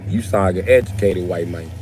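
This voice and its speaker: A man's voice: lowish voice, a little hiss or hum. A man from Wisconsin with a Milwaukee accent, hosting a live stream and chatting in a crude, boisterous, rambling way. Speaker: livestream host. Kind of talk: casual livestream chat.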